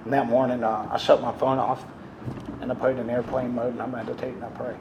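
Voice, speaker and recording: A young man giving a halting, earnest personal testimony at a recovery meeting, full of ums and uhs. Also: mid-range voice, little pitch movement, lo-fi sound. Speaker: speaker sharing his recovery story. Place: meeting room. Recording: echoey room with background noise.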